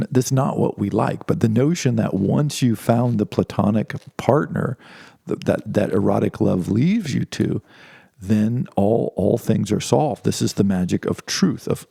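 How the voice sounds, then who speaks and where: A man's voice: fairly low pitch, vocal fry, warm tone, husky, dry recording, clean studio sound. A man giving an informal philosophy lecture, talking conversationally with many restarts and asides.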